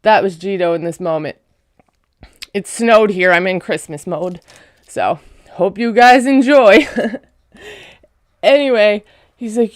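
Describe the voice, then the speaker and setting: A woman's voice: medium pitch, slow pace, pauses often, no room sound, studio quality. A woman giving a casual, chatty recap of a reality show, full of sarcastic asides.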